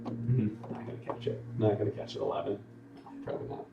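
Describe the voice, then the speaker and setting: A man's voice: lowish voice, fairly even intonation, quick pace, gravelly, highs cut off, noisy background. A man running a tabletop game as dungeon master, describing scenes at an easy pace and calling for dice checks. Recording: roomy sound from a distant mic.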